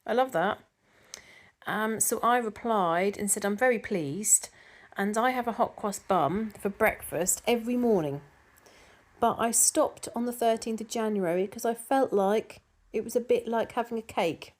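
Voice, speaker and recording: A woman's voice: fairly high pitch, measured pace. A middle-aged woman chatting casually to camera as a vlogger, reading out viewer comments in a rambling way with frequent ums and restarts.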